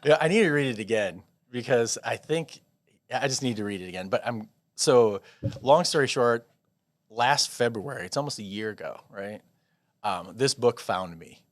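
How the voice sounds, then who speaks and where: A man's voice: medium pitch, normal speed, no room sound, studio quality. Chatty man telling a long story. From Des Moines, Iowa. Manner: rambling, animated storyteller with many restarts and laughs. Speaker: podcast guest. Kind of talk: casual storytelling interview.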